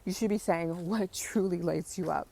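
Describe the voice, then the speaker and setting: A young adult woman with a slightly low voice hosts a spiritual coaching podcast, talking in an effusive, motivational, freewheeling way. She swears casually and stays chatty. She records while walking outdoors through a neighborhood. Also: moderate pace, creaky, warm tone. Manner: effusive, swears casually, coos high at cats.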